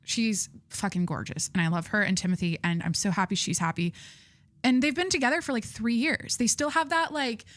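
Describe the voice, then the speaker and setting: Young adult woman podcast host; bright voice, dry close sound; rambling, gushing, candid delivery. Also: mid-range voice, fairly quick, no echo. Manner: rambling, chatty, frequent fillers and restarts; gushing, candid, swears casually. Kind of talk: casual chat.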